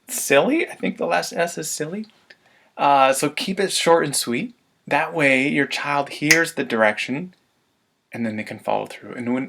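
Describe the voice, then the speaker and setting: A man giving a parenting webinar, lively and laughing often, acting out everyday demands parents make. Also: fairly high pitch, vocal fry. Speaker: parenting coach. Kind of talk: webinar presentation.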